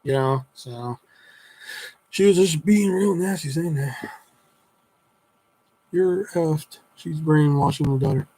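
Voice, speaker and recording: Young male streamer, slightly high voice, loose rambling storyteller who swears a lot. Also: measured pace, warm tone, rough recording. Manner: swears freely, rambling retelling with many fillers. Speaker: livestreamer. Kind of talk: casual storytelling to a live chat.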